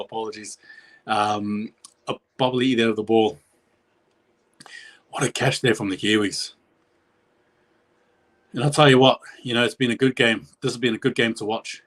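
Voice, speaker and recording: Guy doing live play by play on his stream, rambly, corrects himself, gets loud and high when something big happens. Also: fairly even intonation, moderate pace, pauses often. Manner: rambling, self-correcting, pitch jumps at big plays. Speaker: live stream reaction host.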